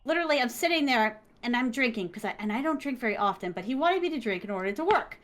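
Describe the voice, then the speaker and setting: A woman's voice: fairly high pitch, animated, fast talker. A woman, an interview guest, telling a story casually and animatedly, acting out the dialogue with emphasis.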